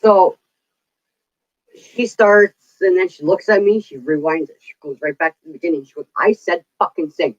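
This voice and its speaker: A woman's voice: fairly low pitch, moderate pace, muffled recording. A middle-aged woman telling stories in casual chat, chatty, laughing often and swearing casually. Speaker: vlogger.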